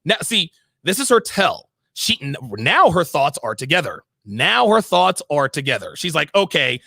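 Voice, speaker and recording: A man reacts to a clip on a live stream, teasing and repeating his points. His voice sits high and swings widely in pitch, with a bright, gravelly edge. It is recorded close and dry. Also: sing-song, normal speed, no room sound. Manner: sarcastic, repeats himself, laughs often; mimics the woman in a low mumbling voice. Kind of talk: mocking reaction commentary.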